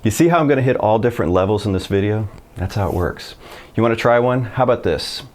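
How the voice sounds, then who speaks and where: A man teaching a casual Spanish lesson, chatty and relaxed, slowing down for example sentences. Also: fairly low pitch. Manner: relaxed, chatty explaining with slow model sentences.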